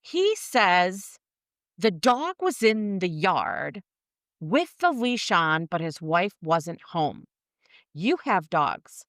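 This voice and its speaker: A woman's voice: fairly low pitch, big pitch swings, extremely slow, a bit bright, no room sound, studio quality. A woman in her thirties co-hosting a casual true-crime podcast, telling the story bluntly with lots of swearing. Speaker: podcast co-host.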